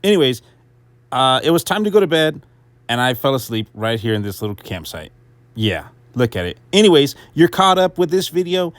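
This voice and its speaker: A man's voice: mid-range voice, sing-song, moderate pace, dry recording. A young man narrating his motorcycle trip vlog in a casual, jokey, self-mocking voice-over. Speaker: motorcycle vlogger.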